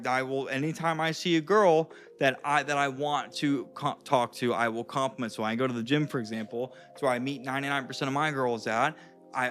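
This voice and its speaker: 30 yr old guy, kinda high voice, coaching his viewers, casual and sweary, says dude a lot. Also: fairly bright tone. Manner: chatty, profane, addresses viewers as guys and dude. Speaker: dating and confidence coach.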